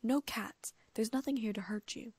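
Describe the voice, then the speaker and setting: A woman voicing an excitable, easily flustered teenage wizard boy in a storybook reading, pitched high and agitated. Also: normal speed, slightly rough, no echo. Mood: startled.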